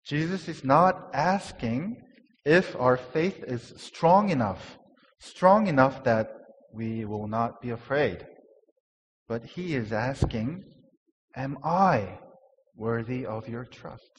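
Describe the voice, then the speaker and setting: Male pastor, mid-pitched, slow and deliberate sermon delivery, reverberant hall sound. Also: lively intonation. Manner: earnest, repeats words for emphasis, occasional laughs; swells louder on key phrases, then drops to a hush.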